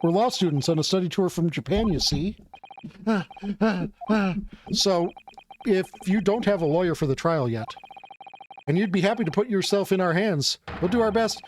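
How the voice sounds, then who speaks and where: A man's voice: sits high, expressive, brisk, a little hiss or hum. A man voicing an earnest young male law student who talks hesitantly and politely, reading game dialogue.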